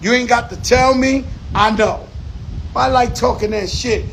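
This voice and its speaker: A man's voice: extremely high pitch, steady tone, a little slow, creaky, fairly bright tone, slight background noise, low-quality recording. A man hosting his show in a casual outdoor monologue, talking emphatically and repetitively in profane street talk. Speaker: show host. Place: outdoors among palm trees by the sea.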